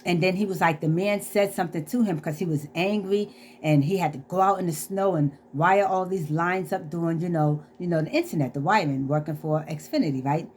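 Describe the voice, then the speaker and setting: Lady vlogger with a lowish voice, earnest and preachy, telling a story. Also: fairly quick, darkish tone, a little hiss or hum. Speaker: inspirational vlogger. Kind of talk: casual inspirational monologue.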